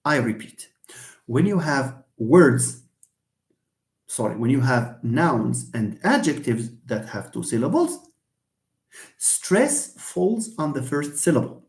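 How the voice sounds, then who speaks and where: A man with a Moroccan accent, a native Moroccan Arabic speaker, lectures in a live online lesson, his pitch swinging widely as he acts out examples. He drifts between English and Arabic and laughs at his own mistaken pronunciations. The sound carries a roomy echo. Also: very animated, takes it slowly.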